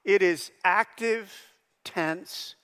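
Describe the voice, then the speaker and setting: A middle-aged man preaches with a high, bright, forceful voice. He is animated and jumps louder and higher on the words he stresses. His voice rings out with a long reverb, as in a large church sanctuary. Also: extremely slow, smooth. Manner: animated, bursts loud and high on emphasized phrases. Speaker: pastor. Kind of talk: sermon.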